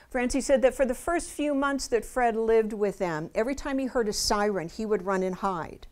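A woman's voice: a little high, moderate pace, hardly any pauses, a little mellow. A woman speaking at a school visit, telling a true story to students in an earnest, vivid way and addressing them directly. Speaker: Holocaust education speaker. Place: school assembly room.

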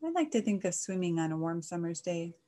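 A woman voicing a sweet, cheerful female duck in a children's storybook, talking in a lilting, high voice. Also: big pitch swings, a little fast, dark tone.

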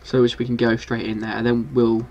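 A man giving casual, excitable commentary while playing a video game, scolding and swearing at the monsters on screen. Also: medium pitch, fairly quick, highs cut off, a little hiss or hum. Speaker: gaming video host.

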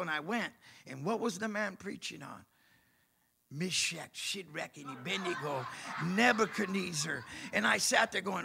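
A man preaching and giving his testimony, telling his story animatedly and acting out the dialogue with bursts of shouting. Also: high-pitched, expressive, normal speed, gravelly, slightly rough. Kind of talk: sermon testimony.

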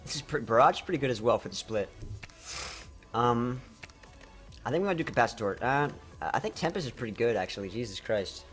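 A man streaming gameplay live, chatting to viewers excitedly and tripping over his words as he plays. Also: mid-range voice, brisk, faint music behind. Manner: excitable, talks to chat, trips over words. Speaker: game streamer.

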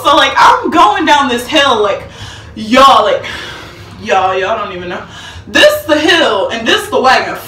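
Animated young woman telling a storytime. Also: on the high side, a little slow, reverberant, recorded from a distance. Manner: animated, dramatic retelling with acted-out quotes and laughter. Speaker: vlogger. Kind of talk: storytime vlog.

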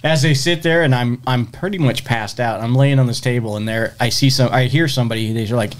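A man co-hosting a podcast, telling a story in an animated way and acting out the voices of the people in it. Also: mid-range voice, a little fast. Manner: animated, acts out voices in stories. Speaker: podcast co-host. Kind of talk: casual storytelling.

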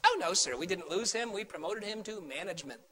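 Sorry-sounding restaurant hostess, quiet, kinda high, a man doing her lines. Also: lively intonation, fairly quick, in a large hall, full character voice. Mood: apologetic. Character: apologetic female restaurant hostess.

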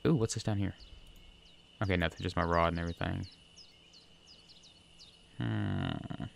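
A man's voice: sits low, steady tone, unhurried, creaky. A man chatting casually and rambling through gameplay commentary at his home desk, talking to the fish on screen. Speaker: gaming video creator. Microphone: USB desk microphone.

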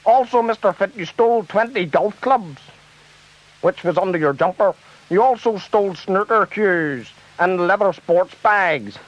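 A man's voice: high voice, expressive, measured pace. A man playing a fussy, flustered TV debate presenter. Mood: officious. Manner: fussy, scolding interviewer. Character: flustered middle-aged male TV debate presenter. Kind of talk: comic radio sketch. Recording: dull lo-fi tape.

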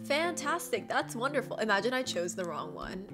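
A woman's voice: on the high side, big pitch swings, moderate pace. Lottie, read by a woman. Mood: polite. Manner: reading game dialogue aloud. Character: capable female otter designer, polite. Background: game music.

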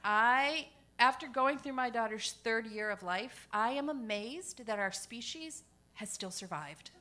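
A woman's voice: fairly high pitch, a little slow, sharp tone. A woman performing a stand-up comedy set on a comedy club stage, chatty and self-deprecating with punchline-driven timing.

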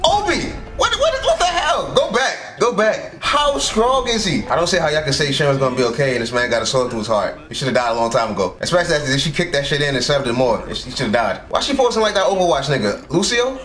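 A man giving excited, casual reaction commentary, exclaiming often in slangy, profane talk. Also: mid-range voice, quick pace, hardly any pauses, roomy sound. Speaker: anime reaction vlogger. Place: home room with orange background lights.

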